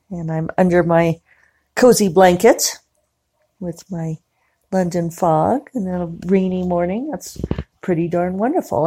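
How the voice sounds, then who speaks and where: A woman talking casually about her day in a chatty, rambling way, quick to laugh, from her living room at home. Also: on the low side, dark tone. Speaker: podcaster. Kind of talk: casual diary-style monologue.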